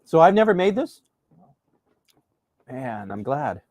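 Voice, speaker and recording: A man's voice: on the high side, takes it slowly. Chatty man hosting a cooking stream. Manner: rambling, relaxed, chatty with fillers. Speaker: host. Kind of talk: casual live cooking chat.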